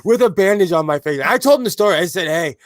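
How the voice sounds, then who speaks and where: A man's voice: sits high, animated, fast talker, no room sound. A man chatting casually on a podcast, telling rambling, self-mocking stories full of restarts. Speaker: podcast panelist. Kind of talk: casual chat.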